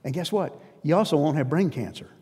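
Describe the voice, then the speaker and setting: A man's voice: a little high, fairly quick, dark tone, slightly rough. A male pastor preaching a sermon in an earnest, emphatic, conversational way. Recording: long reverb of a big hall.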